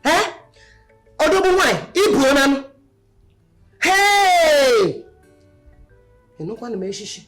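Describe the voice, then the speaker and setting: A woman's voice: lowish voice, big pitch swings, unhurried, music in the background. An actress with a Nigerian accent playing a middle-aged village mother who questions her daughters. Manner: probing, questioning. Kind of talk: Nollywood film acting.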